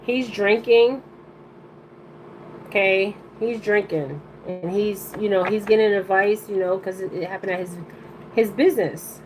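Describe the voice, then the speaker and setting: A woman's voice: medium pitch, a little slow, a little mellow, a little hiss or hum, rough recording. A woman giving a live-streamed oracle card reading to her viewers. She rambles bluntly in casual slang and keeps checking in with "okay?".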